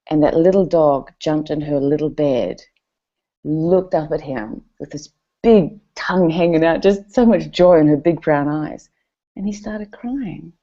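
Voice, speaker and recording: A middle-aged woman tells personal stories to an audience, animated and chatty. Her voice sits low and sounds warm and relaxed. The recording is dull and lo-fi. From New Zealand. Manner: animated, expressive, chatty with fillers. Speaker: event speaker. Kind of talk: personal storytelling talk.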